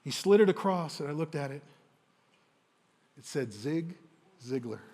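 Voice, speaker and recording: A man telling a motivational sales story on stage to a live audience, animated and enthusiastic, acting out the dialogue. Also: a little high, normal speed, slight background noise. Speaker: motivational speaker and sales coach. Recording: long hall reverb.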